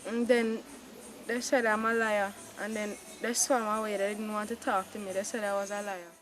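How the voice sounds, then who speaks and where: Give me a soft-spoken woman telling a story, with faint ambience behind. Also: mid-range voice, level tone, normal speed, slight background noise, low-quality recording. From Jamaica. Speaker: interviewee.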